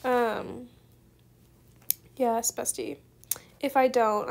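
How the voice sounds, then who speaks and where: Young woman, high voice, slow unhurried delivery, vocal fry, giggly and gushing gameplay commentary. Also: little pitch movement. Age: student. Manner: gushing, effusively grateful, giggly. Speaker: gaming video creator.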